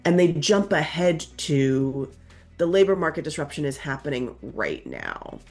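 A low-pitched woman speaking as an expert. She explains in a reasoned, analytical way, with faint music behind. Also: sing-song, measured pace. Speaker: labor market expert. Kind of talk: interview answer.

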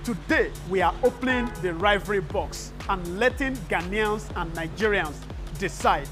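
A woman narrates a news feature in a measured, storytelling voice. Soft music plays quietly underneath her. Her pitch sits in an ordinary middle range. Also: expressive. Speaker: documentary narrator. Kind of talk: scripted narration. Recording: faint music behind. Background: faint music.

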